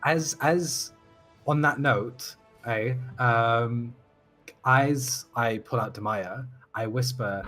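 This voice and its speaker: A man playing a tabletop game, describing his character's actions in a halting way while searching for words. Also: mid-range voice, fairly bright tone, faint music behind, rough recording. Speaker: player. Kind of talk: casual tabletop game chat.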